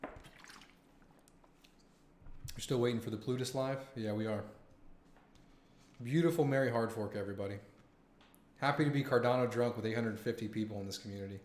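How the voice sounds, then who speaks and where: A young man hosting a live stream, chatting casually with his viewers, excited and slangy, swearing and saying "man" and "dude" a lot. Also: mid-range voice, brisk, long pauses. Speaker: livestream host.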